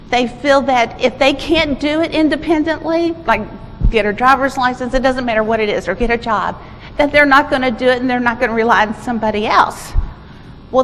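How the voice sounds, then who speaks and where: A woman presents at a conference in an informal, storytelling style, often restarting her phrases. Her high voice echoes through a large hall, with faint ambient noise behind. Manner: informal, self-correcting, animated storyteller.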